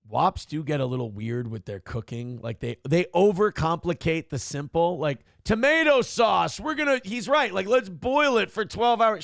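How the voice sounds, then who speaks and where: A man's voice: a little high, creaky, dry recording, clean studio sound. A man hosting a casual morning livestream show, reading viewer chat aloud in a brash, profane, mocking way. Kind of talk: casual, crude livestream talk.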